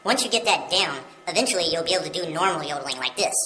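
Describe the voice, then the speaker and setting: Woman, casual video teacher, low-pitched, friendly step-by-step explainer; roomy sound. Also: expressive, very fast, sharp tone. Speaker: yodeling teacher. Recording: roomy echo with music behind.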